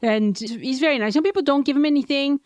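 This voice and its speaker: Female podcast host, slightly high voice, dry close sound, chatty and anecdotal. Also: fast talker, a little mellow, dry recording. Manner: chatty, laughs easily, tells anecdotes. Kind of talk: casual conversational interview.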